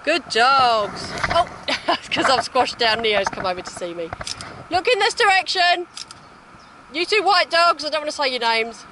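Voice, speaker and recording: Lively woman cooing at dogs outdoors. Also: a little slow. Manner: sing-song praise to dogs, swooping up high. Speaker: dog trainer. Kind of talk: live-streamed dog walk commentary. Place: outdoors in a park. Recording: outdoor phone stream with loud noise. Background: loud outdoor noise.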